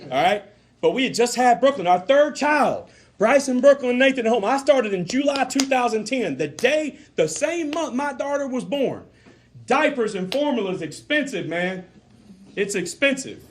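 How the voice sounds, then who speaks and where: Male sales coach, high-pitched, emphatic and fervent, live-room motivational training talk. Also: animated, normal speed. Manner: fervent, emphatic, swings between loud and soft.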